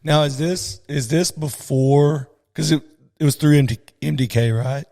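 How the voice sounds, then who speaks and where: A man's voice: on the high side, steady tone, unhurried, vocal fry, mellow, long reverb tail. A man hosting a podcast interview, chatty and agreeable, his voice coming and going. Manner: chatty, agreeable, laughs along. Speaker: podcast host. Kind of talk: casual interview chat.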